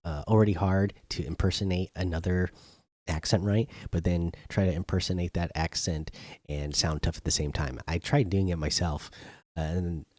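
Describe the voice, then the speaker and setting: A man's voice: low-pitched, steady tone, moderate pace, darkish tone, no echo. A man hosting a show, retelling an episode casually with many fillers and restarts. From not British. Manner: loose, filler-heavy retelling. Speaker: host. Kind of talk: casual spoken recap.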